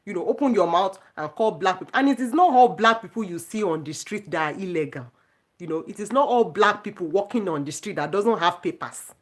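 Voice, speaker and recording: A woman's voice: medium pitch, animated, a little fast. A middle-aged woman talking casually to her viewers in an indignant, emphatic rant, repeating herself for force. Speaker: vlogger. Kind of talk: casual ranting monologue to viewers.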